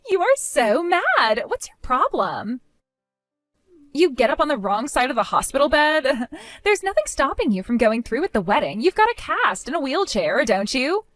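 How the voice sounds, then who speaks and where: A woman's voice: high voice, sing-song, normal speed, a bit bright, no room sound, faint music behind. A woman voicing a spiteful young woman, the groom's sister, who talks in a mocking, dismissive way.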